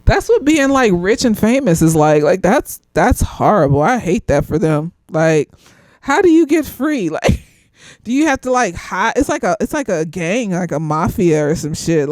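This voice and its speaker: Animated tipsy woman reviewing TV. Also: lowish voice, no echo. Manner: animated, laughing often, swearing. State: slightly tipsy. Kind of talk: casual TV review.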